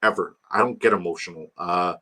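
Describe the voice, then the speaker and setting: A young man hosts a live fantasy football draft stream, chatting loosely with viewers as he rambles, jokes and gives fans shout-outs by name. His voice is a bit low yet bright and forward, and he talks at a moderate pace.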